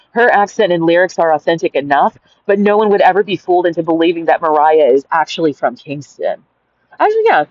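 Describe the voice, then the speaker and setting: A woman's voice: sits low, darkish tone, no echo. Woman storyteller, digressive and chatty, lots of "like" and "right?", dry close mic, dull lo-fi sound. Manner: digressive, giggly, many "like" and "right?" fillers. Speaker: storyteller reading and commenting on her own anecdote. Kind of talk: casual reading with rambling asides. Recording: dull lo-fi home recording.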